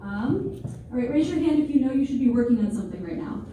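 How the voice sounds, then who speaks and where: Self-deprecating woman comic in her twenties on stage, higher-pitched, picked up from far off against room noise. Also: very animated, fast, warm tone. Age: 20s. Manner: wry, self-deprecating, playful asides. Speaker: stand-up comedian. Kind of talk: stand-up comedy set. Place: large room with a live audience. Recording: very echoey hall, distant, noisy.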